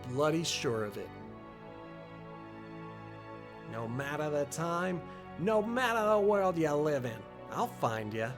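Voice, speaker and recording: A man's voice: a little high, big pitch swings, moderate pace, music in the background. A man voicing a brash young female thief in a put-on Australian accent, reading game dialogue aloud in a heartfelt, drawling way. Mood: tender.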